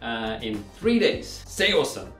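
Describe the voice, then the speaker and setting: Playful self-mocking vlogger, native Russian speaker. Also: male voice, medium pitch, very animated, a little slow, fairly bright tone, faint music behind. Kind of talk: casual screen-recording walkthrough.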